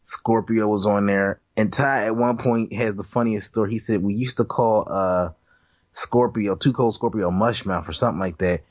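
A man's voice: on the low side, steady tone, moderate pace, no echo, lo-fi sound. A man co-hosting a podcast, mocking and laughing as he tells stories. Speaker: podcast co-host. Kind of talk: casual movie-review chat.

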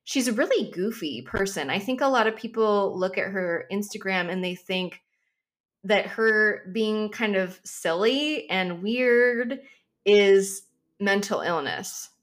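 A woman's voice: medium pitch, takes it slowly. A woman astrologer talking casually on a podcast, thoughtful and emphatic, with frequent hedging asides. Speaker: astrologer guest.

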